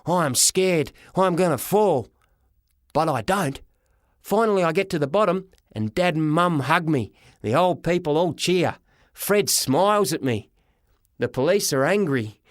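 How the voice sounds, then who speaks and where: A man narrating a children's story as a boy, with a lively, dramatic reading. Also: a little high, measured pace, dry recording, studio quality. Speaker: audiobook reader. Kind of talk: storybook narration in a boy's first person.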